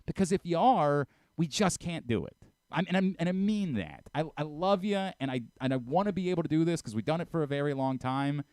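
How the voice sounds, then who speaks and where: A man's voice: fairly high pitch, lively intonation, a little fast, darkish tone, dry recording. A man hosting a sports radio show, arguing heatedly and lecturing his co-host, with stammering restarts. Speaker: radio host and programming director.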